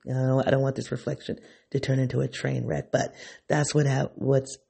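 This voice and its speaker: A man hosting a podcast, thinking aloud in an unscripted, reflective monologue that is excitable and keeps circling back on itself. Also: mid-range voice, moderate pace, vocal fry, slightly rough. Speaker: podcast host.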